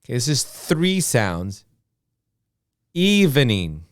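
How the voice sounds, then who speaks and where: Word by word, an American man leads a slow beginner English lesson, enunciating each term, saying it again, and peppering the drill with "okay." His voice rises and falls sharply as he demonstrates, and the close-miked sound is smooth and dry.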